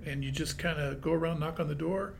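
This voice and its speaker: An older man in casual chat, telling travel stories in a halting, relaxed way. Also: on the high side, gravelly, faint music behind. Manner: halting, relaxed storytelling with fillers.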